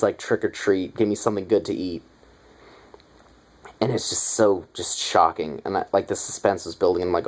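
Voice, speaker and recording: Low-pitched male reviewer, excitable, profane, rambling casual delivery. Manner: excited, rambling, heavy swearing. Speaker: movie reviewer.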